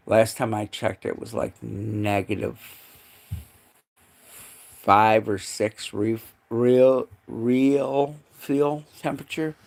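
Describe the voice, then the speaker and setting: Man, gravelly, fairly low voice, casual live stream chat, coos to his dogs, indoors at home. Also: a little mellow.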